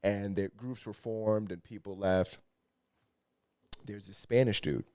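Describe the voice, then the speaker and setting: A man's voice: on the low side, steady tone, takes it slowly, smooth. A man co-hosting a podcast, telling a long rambling story in casual chat and swearing freely. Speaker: podcast co-host.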